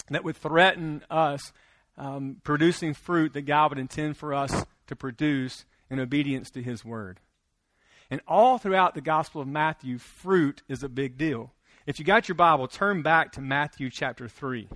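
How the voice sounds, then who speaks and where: Bright-voiced preacher man. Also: on the high side, no echo. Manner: conversational preaching with repeated restarts and tag questions. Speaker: pastor. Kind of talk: sermon.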